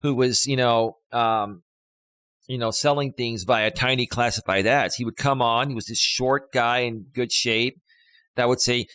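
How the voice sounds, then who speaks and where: A man's voice: medium pitch, measured pace, bright, forceful tone, clean tone. A man in his fifties, a life coach hosting a live stream, talking casually in a rambling, emphatic way. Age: 50s. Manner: rambling, emphatic, with many fillers and restarts.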